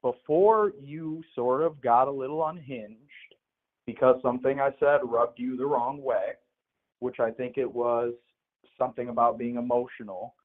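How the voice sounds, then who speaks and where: A man calling into a political show, arguing in a measured way and insisting on finishing his point. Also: mid-range voice, steady tone. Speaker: caller. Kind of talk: heated live call-in argument. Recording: tinny phone line.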